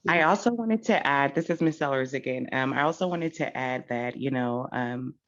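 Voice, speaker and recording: A woman guest on an online townhall giving earnest advice. Her voice comes through somewhat dull and muffled. She fills pauses with um and you know. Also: rumbling low. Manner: earnest, advising, with fillers.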